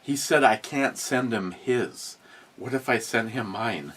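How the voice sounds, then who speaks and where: A man's voice: mid-range voice, unhurried, breathy edge. A man hosting a beer review show, chatting casually, rambling and swearing as he tells stories. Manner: rambling, profane, animated storytelling. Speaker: beer review podcast host. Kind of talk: casual chat.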